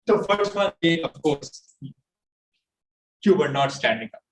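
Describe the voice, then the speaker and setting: A man with a Pakistani English accent evaluating a speech at a club meeting, halting and repeating his words often. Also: on the high side, lively intonation, a bit bright. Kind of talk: giving spoken feedback at a club meeting. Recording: echoey room from far off, faint noise.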